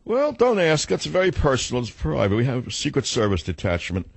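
A man putting on the voice of a fussy, boastful old Jewish man who dodges questions in a high, sing-song, self-important way. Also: wildly swooping pitch, a little fast, vocal fry, breathy edge, no room sound, full character voice. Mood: coy, boastful.

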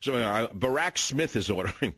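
A man's voice: mid-range voice, expressive, moderate pace, fairly bright tone, no echo. An older man hosting a talk radio show, telling indignant stories in a ranting, opinionated monologue into a studio mic.

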